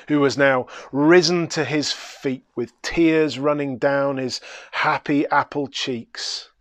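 A man preaching, telling a story dramatically and swinging from hushed to loud. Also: mid-range voice, dry recording. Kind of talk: sermon storytelling.

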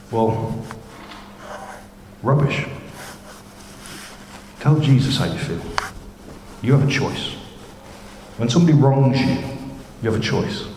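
A man's voice: mid-range voice, expressive, slow, pauses often. A man preaching an informal sermon, chatty and conversational, often putting questions to the congregation. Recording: echoey hall with background noise.

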